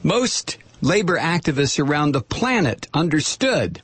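A man hosting a political talk radio show, delivering a sarcastic, animated monologue and reading listener messages. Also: a little high, a little slow, a little hiss or hum. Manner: sarcastic, animated, mock voices for quoted people.

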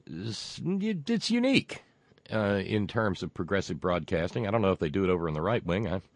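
Male radio host, low voice, dry close sound, rambling folksy pitch with lots of restarts. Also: no room sound. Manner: rambling, halting, many fillers and restarts. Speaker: radio talk show host. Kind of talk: casual on-air talk and fundraising pitch.

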